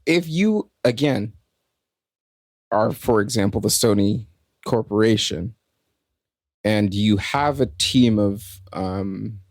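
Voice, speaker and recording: Brief: unhurried, laid-back man in podcast banter, dry close sound. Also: fairly low pitch, dry recording. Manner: laid-back, drawn-out rants with swearing. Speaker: podcast co-host. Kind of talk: casual chat.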